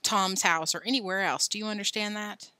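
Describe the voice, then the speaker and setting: A woman's voice: mid-range voice, steady tone, fairly quick, pushed and bright, no room sound, clean studio sound, natural voice. A woman voicing a stern father lecturing his son in firm, clipped lines during a storybook reading.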